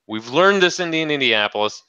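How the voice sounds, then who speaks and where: A man's voice: a little high, brisk, clear, resonant tone, dry recording, lo-fi sound. A man hosting a casual podcast, telling a story with lots of swearing and laughing. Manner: profane, animated storyteller, laughs often. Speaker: podcast host.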